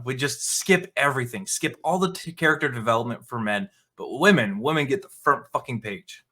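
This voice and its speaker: An indignant male commentator rants to his viewers, mocking and swearing as he goes. His voice is bright and forceful, with a middle pitch. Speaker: video commentator. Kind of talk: ranting commentary vlog.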